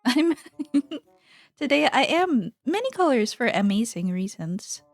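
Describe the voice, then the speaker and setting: Playful giggly lady streamer, unhurried, dry close sound. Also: fairly high pitch, sing-song, dry recording, soft background music. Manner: giggly and playful, chatting with viewers. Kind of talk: casual livestream chat.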